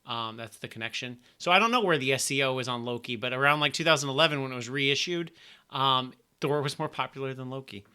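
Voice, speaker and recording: A man's voice: medium pitch, fast, sharp tone, smooth. A man co-hosting a podcast, chatting casually and hedging often. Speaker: podcast co-host. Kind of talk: casual chat.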